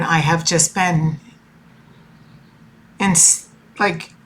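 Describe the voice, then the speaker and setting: A woman's voice: lowish voice, creaky, a bit bright. A woman in her forties talking about her family in a personal vlog, emotional and rambling, full of fillers and restarts. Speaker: tarot reader and life coach.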